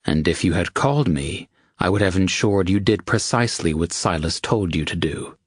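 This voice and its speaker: A man playing a commanding, possessive lover in an audiobook, with a low, controlled murmur. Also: animated, moderate pace, husky, no room sound, clean studio sound. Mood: stern.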